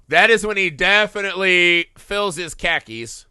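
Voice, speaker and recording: A man hosting a casual film podcast, talking in an animated, profane way and acting out movie scenes. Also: high-pitched, normal speed, clear, resonant tone, no echo, clean studio sound. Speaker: podcast host.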